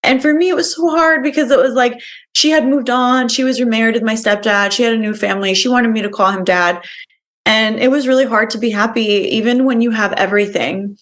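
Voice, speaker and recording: A woman's voice: on the high side, steady tone, fairly quick, a bit bright. A young woman guest on a podcast, telling her personal story earnestly, with many fillers like "like" and "you know".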